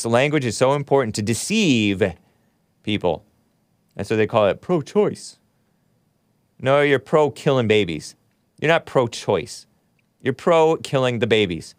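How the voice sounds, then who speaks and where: A man's voice: medium pitch, big pitch swings, moderate pace, no room sound, studio quality. Sarcastic man hosting a live stream. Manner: sarcastic, mocking, reads chat aloud. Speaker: host. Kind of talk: opinionated live-stream commentary.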